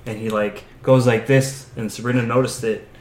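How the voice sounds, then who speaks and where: A man's voice: medium pitch, level tone, normal speed, a little mellow, reverberant, slight background noise. A man co-hosting a casual podcast chat, rambling and hesitant and full of fillers. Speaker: podcast co-host. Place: outdoors on a summer day.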